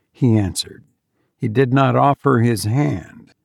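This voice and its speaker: Male narrator, first-person story reading. Measured, gravelly, dry close sound. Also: mid-range voice, darkish tone, no room sound.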